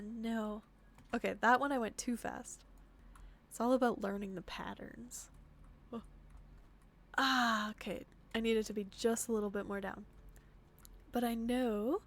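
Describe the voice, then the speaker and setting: Slow-talking young woman streaming a game. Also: fairly high pitch. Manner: talks to herself while playing, drops to whispers when sneaking. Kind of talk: casual gameplay commentary.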